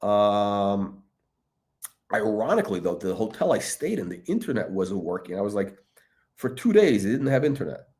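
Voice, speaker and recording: A man's voice: fairly low pitch, sing-song, moderate pace, a little mellow. A man talking in a rambling, profane monologue, with many fillers, restarts and laughs between remarks. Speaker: watch commentator.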